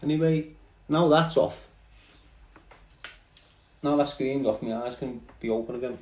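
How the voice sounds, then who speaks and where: A livestream host with a Liverpool accent chats directly to his audience through a phone, meandering in street slang. His voice is medium in pitch, unhurried, and a little mellow, with an echoey room and a little hiss or hum.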